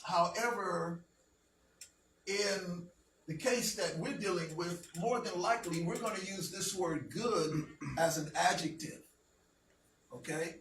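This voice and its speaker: A man with a fairly high voice gives a slow, patient classroom lesson, often stopping to ask if everyone follows. He stands away from the mic in a roomy space with a faint hiss behind. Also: fairly bright tone. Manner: patient, checks understanding with frequent "okay?". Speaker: teacher. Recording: roomy, distant, faint background noise.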